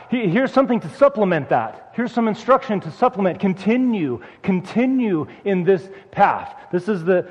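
Male preacher, high pitch, earnest exhortation full of repeated phrases; dull, reverberant hall recording. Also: a little mellow. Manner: earnest, repeats phrases for emphasis, rises when urging. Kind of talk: sermon.

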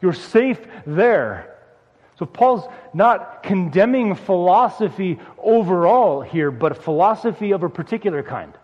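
A man's voice: high voice, expressive, normal speed, few pauses, darkish tone. A man preaching a sermon, earnestly repeating phrases for emphasis and lifting his voice when he urges the listeners on. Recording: muffled hall recording with long reverb.

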